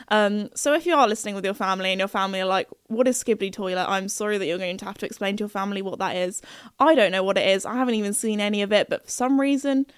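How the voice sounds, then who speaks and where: A young woman hosts her podcast in a loose, chatty way, full of fillers and little laughs. Her voice sits at a middle pitch. The sound is close and dry, with no room around it. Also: clean tone, dry recording. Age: young adult. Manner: chatty, lots of fillers and giggles. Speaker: podcast host. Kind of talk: casual chat.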